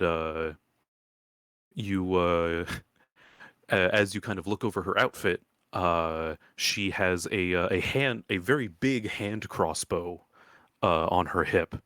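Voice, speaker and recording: A man narrates a tabletop game as game master for a live stream. His voice is deep, and he keeps pausing on fillers and restarts. The sound is dry and close. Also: a bit bright, dry recording. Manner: halting narration full of uh and restarts.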